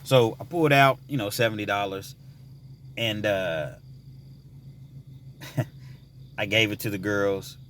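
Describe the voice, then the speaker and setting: A man vlogging, telling a story in a casual, rambling way with many fillers, sometimes mimicking frantic girls in a high voice. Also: slow pace, long pauses, a bit bright, slight background noise.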